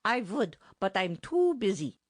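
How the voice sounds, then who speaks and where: A woman performs an audiobook character voice: a bossy, pompous, middle-aged German bandmaster who blusters in mangled English with a thick German accent. She pitches her mid-range voice above her own, speaking sing-song and a little slowly. The recording is dry with no echo.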